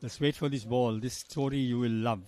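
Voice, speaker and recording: A man's voice: medium pitch, steady tone, moderate pace, a little mellow, no echo. Older Sri man, chatty cricket commentator. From Sri Lanka. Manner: chatty storyteller, drifts between anecdotes and play calls. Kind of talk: live cricket commentary with anecdotes.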